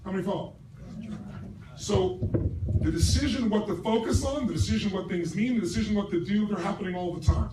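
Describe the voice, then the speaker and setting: Profane, forceful man speaking on a stage. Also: high-pitched, brisk. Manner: forceful, profane, asks the crowd questions. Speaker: motivational speaker. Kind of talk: live seminar speech to a large audience. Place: large hall with a live audience. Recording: roomy stage recording from far off, noisy.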